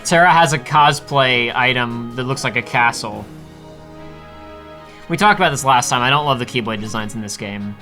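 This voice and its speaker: A man's voice: medium pitch, normal speed, sharp tone, soft background music. A man casually chatting through a video game playthrough, explaining menus and poking fun at himself. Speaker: co-host guiding a let's play. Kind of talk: casual gameplay chat.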